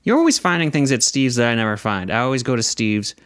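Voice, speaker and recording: Young dude podcast host, casual joking chat, laughs a bunch, mid voice. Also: male voice, medium pitch, expressive, fast, fairly bright tone, no echo, clean studio sound. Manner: joking, chatty, laughs often.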